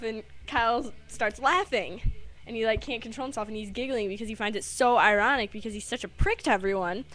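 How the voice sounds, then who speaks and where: A woman's voice: on the high side, fairly quick, a bit bright. A woman vlogger chatting casually, rambling and giggling as she retells a cartoon episode. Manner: rambling, giggly, lots of fillers.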